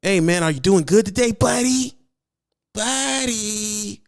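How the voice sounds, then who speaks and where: Guy putting on a chummy pushy dispatcher, high and wheedling, all sales talk. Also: animated, slow pace, vocal fry, exaggerated voice. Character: pushy upbeat male freight dispatcher.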